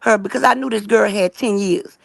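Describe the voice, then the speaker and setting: A woman giving a rambling, earnest religious testimony, talking fast and emphatic and keeping listeners in with "right?" and "y'all". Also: mid-range voice, gravelly, fairly bright tone, dry recording. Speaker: guest telling her story.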